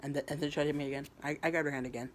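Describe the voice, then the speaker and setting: A man's voice: on the high side, fairly even intonation, very fast, a little hiss or hum. A man casually retelling his own fan fiction story, rambling and crude, often stumbling and restarting his words.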